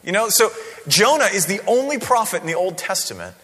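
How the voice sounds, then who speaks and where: A male pastor delivering a sermon in a relaxed, conversational way, tossing rhetorical questions at the congregation. His voice sits high and bright. It rings out with a long reverb, as if in a large church sanctuary. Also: fairly quick. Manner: conversational, animated, frequent rhetorical "right?".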